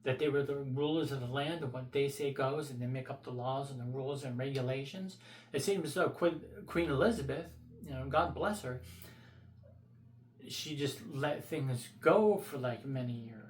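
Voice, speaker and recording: A man's voice: medium pitch, moderate pace, roomy sound, slight background noise. A man vlogging his opinions in a blunt, profane, rambling rant.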